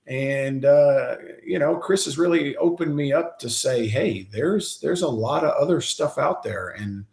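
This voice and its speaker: A man's voice: on the high side, a little slow, creaky, a little mellow. A man appearing as a guest on a casual live stream, talking hesitantly with many restarts and agreeing easily. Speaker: guest, co-worker of the host. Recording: roomy echo.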